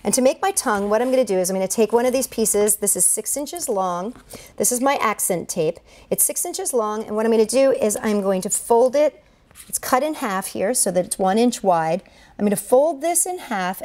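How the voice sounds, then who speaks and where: Walking viewers through a duct tape project, a woman who entertains at children's events describes each step aloud as she does it with her hands. Her voice is on the high side with a dark tone, and she stays chatty, positive, and encouraging.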